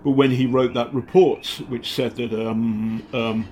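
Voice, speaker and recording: A British investigative journalist telling stories in a casual interview, halting often and acting out the people he quotes. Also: medium pitch, level tone, mellow, dull audio, slight background noise. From Britain. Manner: halting, many fillers and restarts, acts out quotes.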